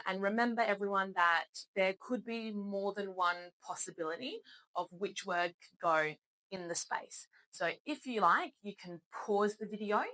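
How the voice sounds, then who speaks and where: A female English teacher who takes her time, speaking slowly and deliberately. Her voice is bright and clear, with a patient, encouraging way of walking learners through each point. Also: mid-range voice, rough recording. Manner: patient, encouraging, explains step by step. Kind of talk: spoken English lesson.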